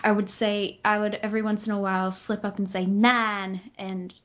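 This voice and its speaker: A woman's voice: mid-range voice, little pitch movement, fairly quick. A woman with a Southern US accent, chatting as an interview guest in an easygoing, giggly, self-deprecating way. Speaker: guest, voice actress. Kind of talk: casual interview chat.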